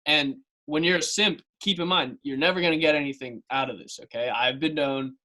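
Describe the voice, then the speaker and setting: A man's voice: fairly high pitch, fairly even intonation, fairly quick, pushed and bright. A young man co-hosting a casual podcast, playful and emphatic, often laughing. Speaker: podcast co-host.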